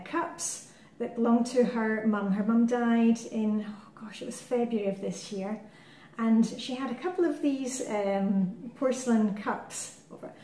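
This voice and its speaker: A woman vlogger talks in a chatty, friendly way, full of ums and restarts, and then reads a poem aloud. Her voice sits a little on the high side. The recording has a noticeable roomy echo. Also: recorded from a distance. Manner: chatty and warm-hearted, with frequent fillers. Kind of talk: casual chat and poem reading. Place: living in Denmark.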